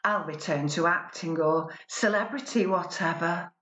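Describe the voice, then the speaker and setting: A woman's voice: on the low side, a little slow, a bit bright, echoey room, lo-fi sound. A woman playing a pampered wife, sardonic. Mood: mock-cheerful. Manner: mock-cheerful, sardonic. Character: pampered newlywed woman imagining life poor. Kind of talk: spoken word poetry performance.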